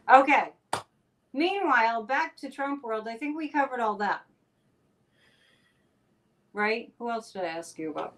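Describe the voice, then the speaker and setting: A woman's voice: a little high, expressive, a little slow, pauses often, a bit bright. Chatty upbeat woman hosting a talk show. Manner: chatty, upbeat, rambling plugs. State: a bit out of breath. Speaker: psychic and show host. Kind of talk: casual chat with announcements.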